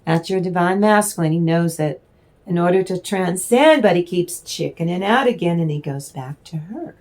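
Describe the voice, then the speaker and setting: A woman giving a casual spiritual tarot reading, rambling and affectionate, stopping now and then to clear her throat. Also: lowish voice, mellow. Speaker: tarot reader.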